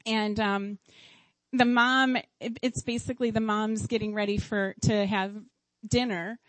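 A woman's voice: mid-range voice, steady tone, measured pace, no room sound, low-quality recording. A middle-aged woman, a mother, telling family stories in a casual faith-based talk, acting out her own past lines with animation. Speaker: mother sharing parenting stories.

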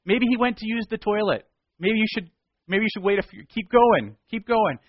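Brief: male preacher doing a loud, sarcastic prophet figure, voice pushed up high, teasing and mocking. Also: animated, normal speed, no room sound, highs cut off. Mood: sarcastic taunting. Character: mocking male prophet taunting rival priests.

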